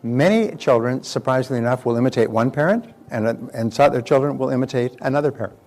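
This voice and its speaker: A fast-talking older man with a medium-pitched, darkish voice gives a motivational talk. He keeps it conversational, telling stories and repeating words as he goes.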